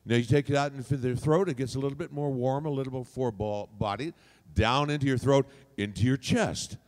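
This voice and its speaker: A man's voice: medium pitch, brisk, a little mellow. A man on a convention panel teaching voice acting, demonstrative and shifting his voice around as he explains. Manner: demonstrative, shifts voice placement freely. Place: convention hall. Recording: long hall reverb.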